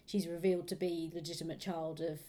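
A woman's voice: lowish voice, little pitch movement, fairly quick, warm tone. A woman co-hosting a casual book podcast, talking thoughtfully and hedging with fillers. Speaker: podcast co-host.

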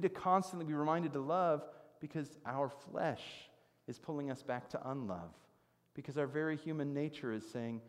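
A man's voice: fairly high pitch, moderate pace, big-room sound. A man in his thirties preaching a sermon as a pastor, earnest and conversational, with rhetorical questions and prayerful asides. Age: 30s.

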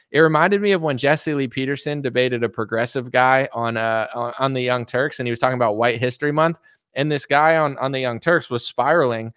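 A man's voice: mid-range voice, a bit bright, clear, resonant tone, no room sound, studio quality. A young man chatting casually on a livestream about politics, rambling with lots of fillers and mocking impressions. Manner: rambling, many fillers, mimics others mockingly. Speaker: political commentary streamer.

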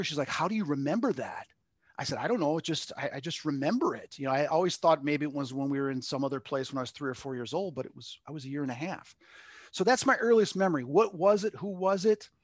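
A man's voice: a little high, no echo, clean studio sound. A middle-aged man from Long Island, a medium and interview guest, telling a personal story in a rambling way and acting out quotes. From Long Island, New York. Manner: rambling, acts out quotes with lots of "like".

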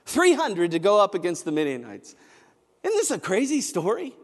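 A man preaching a sermon as pastor, telling a story and building to shouted emphasis. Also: high voice, wildly swooping pitch, moderate pace. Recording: long hall reverb.

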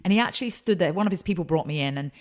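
A woman consultant and speaker, telling emphatic, animated stories as a guest in a podcast interview. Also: lowish voice, very fast.

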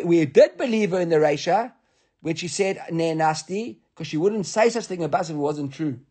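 A Talmud teacher with a fairly high, husky, slightly mellow voice leads a study class. He reads the text aloud and explains it, stumbling and repeating himself as he works through his thoughts.

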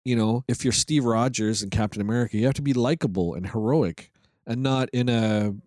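A man's voice: medium pitch, a little fast, a little mellow, no room sound, studio quality. A man co-hosting a podcast in casual chat, conversational, often asking "right?". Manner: conversational, tag questions, frequent "right". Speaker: podcast co-host.

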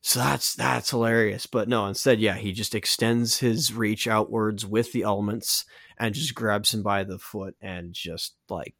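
A man's voice: fairly low pitch, steady tone, measured pace, creaky, fairly bright tone, no echo, studio quality. A man co-hosting a podcast, casually breaking down a cartoon scene by scene in a rambling way, with many restarts and fillers. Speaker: podcast co-host.

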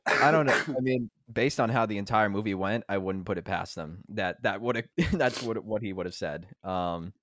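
A man's voice: on the low side, moderate pace, slight background noise. A young man in his twenties co-hosting a podcast, telling stories in a casual, laughing way. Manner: laughing, animated storytelling. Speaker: podcast co-host.

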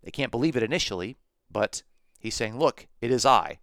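Man, bible teaching podcast, smooth clear voice, dry close sound, measured and explanatory. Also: mid-range voice, animated, a bit bright, no echo. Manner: measured, explanatory, slows to stress key phrases. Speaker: podcast host teaching on scripture. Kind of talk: biblical teaching, reading verses aloud and explaining.

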